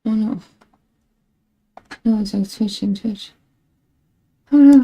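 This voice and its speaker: A woman streaming live, musing aloud about her tech troubles in a slow, unhurried ramble. Her voice is dark and gravelly with plenty of fry. She keeps laughing at herself between complaints. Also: mid-range voice, poor audio. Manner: rambling, self-mocking, laughs often; frustrated with tech. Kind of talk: casual live-stream chat.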